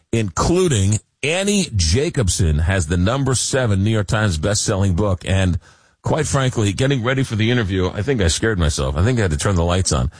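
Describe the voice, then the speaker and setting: A man's voice: fairly low pitch, breathy edge, no echo. A man hosting a radio talk show, joking and emphatic, often repeating words as he gets going. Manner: jokey, emphatic, repeats words when excited. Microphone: studio microphone.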